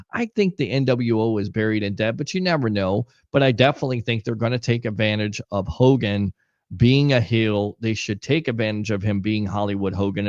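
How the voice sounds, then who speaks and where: A man hosting a casual sports talk show, keeping his voice down in a near monotone. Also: fairly low pitch, no room sound, dull audio. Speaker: host.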